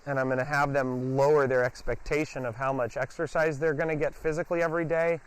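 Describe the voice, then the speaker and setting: A man's voice: medium pitch, little pitch movement, fast talker, clean tone. A man working as a dog trainer, explaining his method during a hands-on session and breaking off to give the dog short, firm commands.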